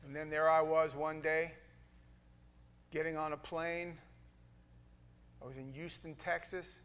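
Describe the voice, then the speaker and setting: A man preaching a sermon, telling a story with dramatic swings from hushed lines to loud bursts. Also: a little high, little pitch movement, a little slow, clear, resonant tone.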